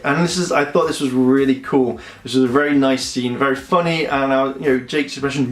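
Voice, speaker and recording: A man with a medium-pitched, fairly even voice reviews a TV episode at a fairly quick clip, rambling casually, using lots of fillers, and performing characters' lines in their voices. The room gives a noticeable echo.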